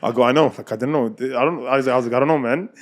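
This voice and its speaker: A man's voice: medium pitch, very fast. An American man casually telling his own life story, acting out the people in it and often laughing. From United States. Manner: animated, acts out dialogue, laughs often.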